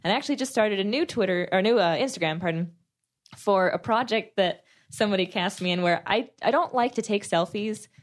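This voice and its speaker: A woman's voice: medium pitch, brisk. A woman on a podcast panel, a producer, talking casually and at length with lots of "you know" and "like". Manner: talkative, explains at length, fillers like "you know". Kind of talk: casual chat.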